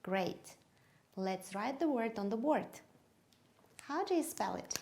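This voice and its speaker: Slow, clear woman teaching English. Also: fairly high pitch, lively intonation, darkish tone, a little hiss or hum. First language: Kyrgyz. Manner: slow, clear, emphatic drilling of words. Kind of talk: teaching demonstration.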